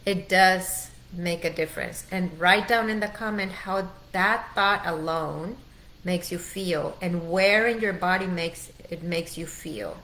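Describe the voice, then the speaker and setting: A middle-aged woman as a wellness coach, leading a guided training in a slow, soothing, heartfelt way. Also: on the low side, a bit bright. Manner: slow, soothing, heartfelt, urges the listener to breathe.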